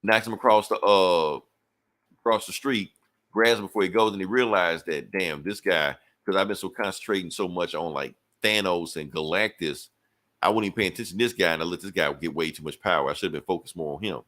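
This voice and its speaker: A man's voice: deep voice, fairly quick, fairly bright tone. A man hosting a podcast, casually recapping a comic book in a rambling, slangy way. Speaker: podcast host.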